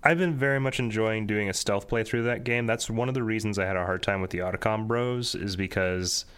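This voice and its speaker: Measured guy talking games, voice on the low side, thinks out loud. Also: clean tone. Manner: thoughtful, measured, laughs at himself. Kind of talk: casual gaming chat.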